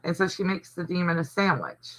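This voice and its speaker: This older man from the American South speaks high, with big pitch swings, brisk and bright, in a forceful tone, though the audio is poor. He hosts a laid-back livestream chat, rambling through stories and reading viewer comments aloud.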